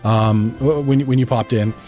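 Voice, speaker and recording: A man's voice: medium pitch, steady tone, normal speed, over loud music. A man streaming a game, telling a rambling story in a casual, profane way. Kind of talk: casual storytelling while gaming.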